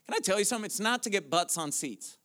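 A man pastor preaching a sermon, moving from quiet questions to loud, shouted declarations. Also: sits high, animated, fast talker.

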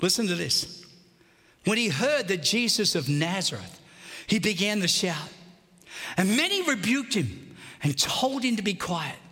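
Fervent high-voiced male pastor preaching. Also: very animated, measured pace, long pauses, bright, forceful tone, long reverb tail. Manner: fervent, call-and-response preaching. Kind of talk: sermon.

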